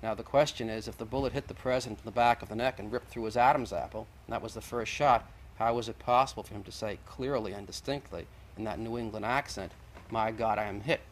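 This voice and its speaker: A man's voice: fairly low pitch, steady tone, fast talker, hardly any pauses, slight background noise, low-quality recording. A man, the guest in a televised debate, arguing insistently and methodically, point by point.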